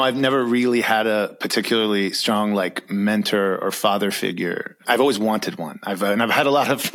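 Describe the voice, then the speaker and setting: A young adult man with an American accent, reflecting earnestly in an interview with an occasional soft laugh. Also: fairly low pitch. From Iran. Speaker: author and guest.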